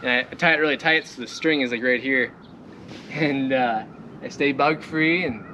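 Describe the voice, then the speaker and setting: A man's voice: medium pitch, moderate pace. Young man, midwestern accent, casual rambling, fillers and laughs, outdoors, camera-mic, noisy background. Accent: Midwestern American. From Minnesota or the Midwest. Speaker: vlogger showing his boat. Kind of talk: casual walkthrough. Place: outdoors by his boat, moving around. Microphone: camera set on the boat, distance varies. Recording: outdoor recording with clear background noise.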